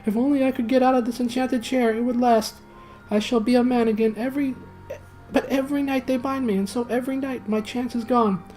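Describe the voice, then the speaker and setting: A man voicing a tormented, enchanted knight who begs desperately to be set free, his voice strained and high. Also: normal speed, dark tone, soft background music, lightly acted, poor audio. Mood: desperate pleading. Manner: high strained pleading, rising to shrieks. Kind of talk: storybook reading.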